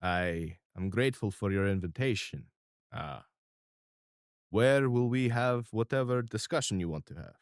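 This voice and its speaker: A man voicing a tubby, calm small-town boss who dislikes change, speaking in a slow, formal, measured way. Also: lowish voice, no echo, clean studio sound.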